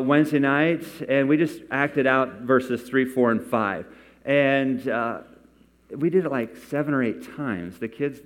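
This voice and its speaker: Pastor preaching in a reverberant hall. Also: male voice, mid-range voice. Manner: conversational, coaxing volunteers. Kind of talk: sermon with scripture reading. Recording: long reverb from a large hall.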